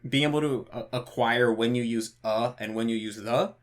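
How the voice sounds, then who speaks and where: Speaking at a moderate pace with a medium-pitched voice, a man who runs a channel responds to questions from his patrons. English is his first language, and his casual monologue wanders as he thinks aloud, hedges, restarts, and fills gaps.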